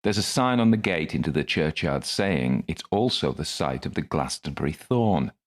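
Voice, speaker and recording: A man's voice: very deep voice, animated, moderate pace. A man narrating his own first-person story in a dry, wry manner.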